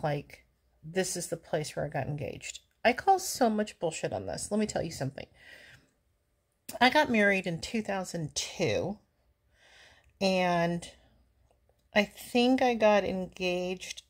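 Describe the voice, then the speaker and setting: Husky, low-voiced woman chatting while walking. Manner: chatty, sarcastic, easily amused. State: a little out of breath from walking. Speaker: vlogger reacting to a movie. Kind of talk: casual rambling chat.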